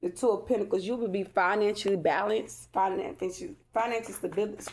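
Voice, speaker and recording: A slightly fast, slightly mellow medium-pitched voice belongs to a woman reading tarot casually for her audience. It's a chatty, emphatic spiritual session full of repetition and colloquial phrasing, with her constantly asking viewers "okay?"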